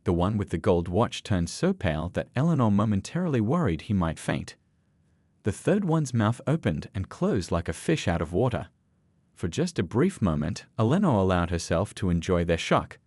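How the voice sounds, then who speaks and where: A man reading a scripted dramatic story as narrator, with a steady storytelling delivery. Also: low-pitched, moderate pace, dry recording.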